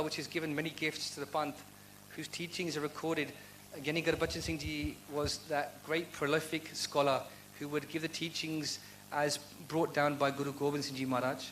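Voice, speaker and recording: In a low-quality recording with a faint hum underneath, a British man answers questions at a university devotional talk and Q&A. His fairly high, a bit bright voice is slightly raised, and he speaks sincerely and earnestly, leaning on rhetorical questions.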